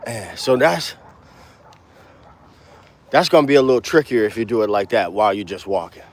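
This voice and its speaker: Cursing streetwise bass teacher walking outdoors. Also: male voice, expressive, a little slow, pauses often, background noise. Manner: blunt, streetwise slang with cursing; counts beats out loud while walking. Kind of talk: casual walk-and-talk vlog.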